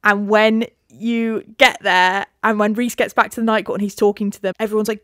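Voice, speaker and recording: A woman co-hosting a podcast in casual book-club chat, retelling the plot with quick quoted voices and frequent swearing. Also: mid-range voice, level tone, fairly bright tone, no echo, studio quality. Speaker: podcast co-host.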